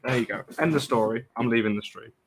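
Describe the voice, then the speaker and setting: A man's voice: medium pitch, fast, a little hiss or hum. A man ranting in a casual fan stream chat, swearing a lot. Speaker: fan panelist.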